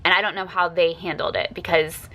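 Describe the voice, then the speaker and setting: A woman's voice: on the low side, little pitch movement, fairly quick, bright, forceful tone. A woman telling a story in a casual vlog, speaking in an emphatic, indignant way.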